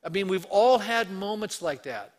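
A man preaching a sermon with a fairly high voice. He talks to the congregation in a conversational way and slips into the quoted voices with lively changes. He comes across as an engaged pastor in full flow. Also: normal speed.

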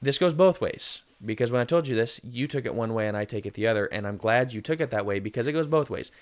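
A man's voice: medium pitch, animated, fast talker. A man in his thirties co-hosting a casual podcast, earnest and self-deprecating, with plenty of fillers. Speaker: podcast co-host.

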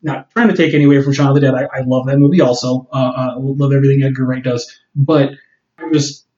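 A man's voice: medium pitch, fairly even intonation, fast, mellow. A man co-hosting a casual film podcast, often stopping and restarting as he thinks aloud. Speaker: podcast co-host. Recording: echoey, dull lo-fi room sound.

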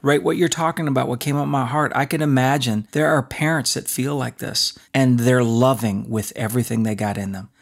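A man co-hosts a faith discussion with a gravelly, textured voice. He teaches in an animated, preacher-like style and acts out his stories as he goes. His pitch sits in the middle range. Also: fairly quick, few pauses. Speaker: podcast co-host. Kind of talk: conversational faith teaching with storytelling.

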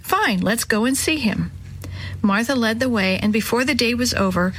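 A woman reading a children's story aloud in a gentle, measured way, ending with a moral. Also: a little high, animated, poor audio.

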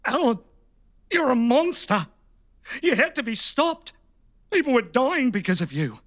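An actor playing a grim, deadpan, vengeful captor in a comedy audio drama. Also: male voice, extremely high pitch, unhurried, exaggerated voice.

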